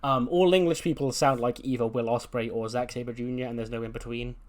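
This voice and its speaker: A man's voice: medium pitch, fairly even intonation, a little fast. A man hosting a let's play of a wrestling management game, recapping results in a casual, rambling, joking way. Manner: casual, rambling, joking, with fillers like "you know".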